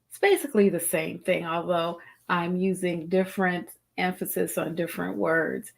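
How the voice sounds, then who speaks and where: A middle-aged woman hosting a live-streamed wellbeing talk show, speaking deliberately and repeating phrases for emphasis to her viewers. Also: fairly low pitch, steady tone, vocal fry. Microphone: streaming setup, video call style.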